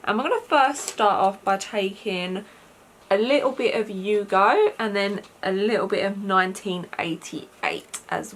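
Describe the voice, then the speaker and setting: A woman's voice: mid-range voice, a little hiss or hum. A young British woman chatting her way through a makeup tutorial, rambling with lots of fillers. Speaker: beauty vlogger.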